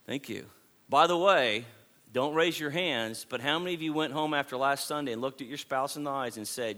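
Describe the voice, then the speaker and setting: A man's voice: mid-range voice, fairly quick, bright, forceful tone. A man preaching a sermon to his congregation, emphatic and repetitive, building points through repeated phrases. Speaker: pastor.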